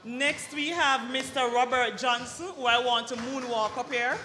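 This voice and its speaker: A woman hosting an awards dinner, calling up recipients with playful jokes and quick apologies for her slips. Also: fairly high pitch. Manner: lively, joking, apologizes for slips. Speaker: awards ceremony host. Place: banquet hall at an awards dinner. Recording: long hall reverb with loud music.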